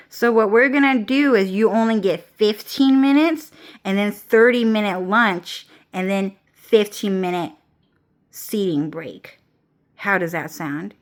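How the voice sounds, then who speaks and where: A woman's voice: mid-range voice, a bit bright. A young woman rambling through a casual vlog rant. Her talk is loose and profane, full of restarts and laughter. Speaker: vlogger.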